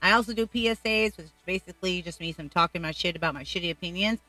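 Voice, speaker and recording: Brash, bright-voiced profane woman vlogger. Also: fairly low pitch, quick pace, dry recording, soft background music. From Colombia. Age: middle-aged. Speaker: YouTube vlogger. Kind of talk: opinionated casual commentary.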